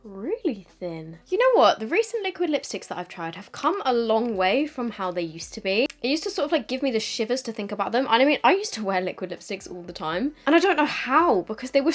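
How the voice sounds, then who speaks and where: A young British woman, a beauty vlogger, chatting casually as she tries out makeup, with gushing little asides. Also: fairly high pitch. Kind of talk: casual makeup testing vlog.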